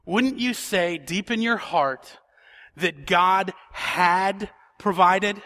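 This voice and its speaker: A man's voice: high-pitched, very slow, bright, forceful tone. A man preaching a sermon in a church, reading scripture and then building to emphatic questions. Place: church sanctuary.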